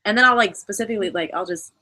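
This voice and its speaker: Young American woman, bright voice, playful, talkative, casual chat. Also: mid-range voice, racing. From United States. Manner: talkative, playful, switches into German. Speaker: guest.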